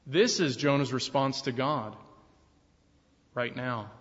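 Male pastor, mid-pitched, emphatic sermon delivery; long church reverb, muffled lo-fi capture. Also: slow, pauses often. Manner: emphatic preaching that swells louder and higher on key points. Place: church sanctuary. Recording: long reverb, dull lo-fi sound.

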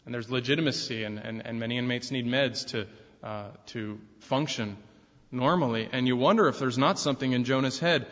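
Emphatic preacher in a reverberant church. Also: male voice, a little fast. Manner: emphatic preaching that swells louder and higher on key points. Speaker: pastor. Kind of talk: sermon. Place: church sanctuary. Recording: long reverb, dull lo-fi sound.

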